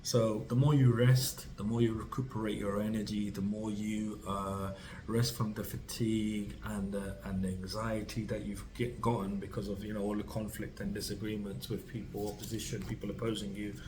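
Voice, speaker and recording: Tarot reader, male, low monotone voice, rambling delivery full of "like" and "you know", reassuring. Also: normal speed, slight background noise, low-quality recording. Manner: rambling, full of fillers and restarts; reassuring, speaks directly to the listener. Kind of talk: tarot reading to camera.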